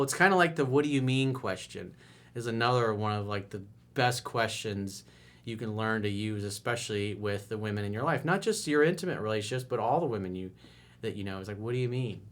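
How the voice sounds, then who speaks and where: A man who works as a dating coach, talking casually and with emphasis in a coaching video, his voice often jumping up in pitch and loudness.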